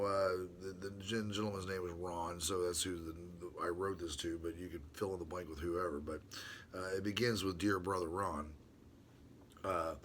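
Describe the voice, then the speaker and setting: Low-voiced man reading his letter, hesitant. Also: fairly bright tone, a little hiss or hum. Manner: hesitant, many restarts and fillers; chuckles to himself between passages. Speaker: channel host. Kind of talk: reading his own letter aloud with rambling asides.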